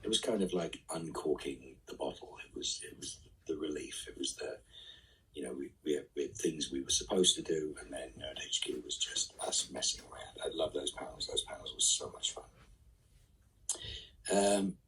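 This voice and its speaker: A man reading fan questions aloud and answering them casually in a live online Q&A, often trailing off into soft asides. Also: a bass voice, moderate pace, far from the mic, slight background noise, rough recording.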